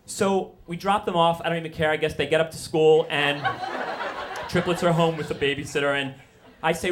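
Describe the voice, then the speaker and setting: A man in his forties tells a personal story on stage, rambling through asides and self-deprecating jokes. His voice sits a little high for a man, and faint noise hums behind him. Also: fairly even intonation, normal speed.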